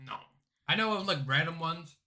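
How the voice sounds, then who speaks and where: A man co-hosting a casual podcast with a bright, forward voice. He talks in an animated, theatrical way and slides easily into exaggerated rants. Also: on the high side, normal speed. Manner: animated, dramatic outbursts, ranting. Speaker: podcast co-host.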